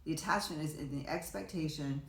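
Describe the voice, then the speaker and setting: A low-pitched woman chats on a podcast, rambling and restarting as she tells her stories. She acts out what people said. The room gives her voice a roomy echo. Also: brisk, creaky. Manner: rambling storyteller, many restarts, acts out quotes. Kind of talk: casual conversation.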